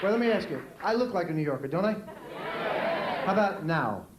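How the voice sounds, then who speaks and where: New York man, stand-up comic, high voice, punchy deadpan delivery, echoey club with audience noise. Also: a little fast, a loud crowd. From New York City. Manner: punchy deadpan delivery with loud shouted character bits. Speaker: stand-up comedian. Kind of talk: stand-up comedy routine. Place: comedy club stage with a laughing audience.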